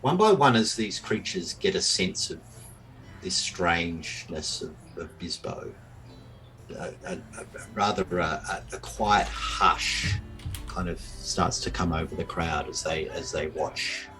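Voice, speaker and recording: A man narrating as game master of an online tabletop game, halting and full of restarts and fillers. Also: sits low, lively intonation, pushed and bright, soft background music, poor audio. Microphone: online call mic.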